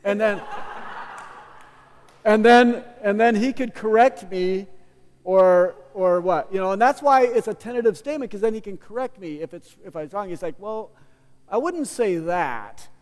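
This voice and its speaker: A man with a high voice preaches to his congregation and teaches in a loose, chatty way, restarting phrases and tossing in playful asides. His voice rings out with a long reverb tail, as in a large church sanctuary. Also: moderate pace, darkish tone. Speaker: pastor. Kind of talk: sermon.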